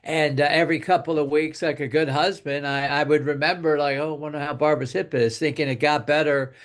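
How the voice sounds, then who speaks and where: A man's voice: a little high, fairly even intonation, fairly quick. Rambling older man telling a story. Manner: rambling, repeats words, drops into quiet quoted asides. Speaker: guest speaker telling a testimonial. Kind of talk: casual storytelling.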